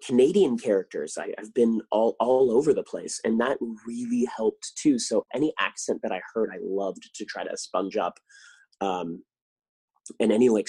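A man talking as a podcast guest, telling animated stories and acting out the lines he quotes. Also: lowish voice, husky. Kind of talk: casual interview chat.

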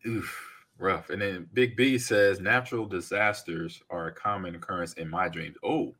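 A man in his forties co-hosting a casual podcast chat, reading out chat comments and acting out stories loudly. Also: low-pitched, normal speed. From California. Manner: animated storyteller, acts out scenes loudly. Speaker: podcast co-host.

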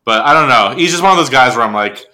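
A man's voice: medium pitch, animated, fast, sharp tone. A man co-hosting a casual fan podcast, laid-back and rambling, laughing as he talks. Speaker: podcast co-host.

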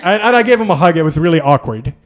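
A man telling a long travel story in casual conversation, animated and laughing often. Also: fairly high pitch, fast. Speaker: guest storyteller.

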